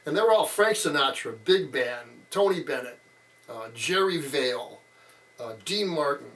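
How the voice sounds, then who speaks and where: A man's voice: fairly high pitch, lively intonation, normal speed, a bit bright. A man in his sixties telling childhood stories in a casual interview, rambling with lots of fillers. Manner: rambling, many fillers, acts out quotes. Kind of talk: casual storytelling. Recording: voice a bit far from mic.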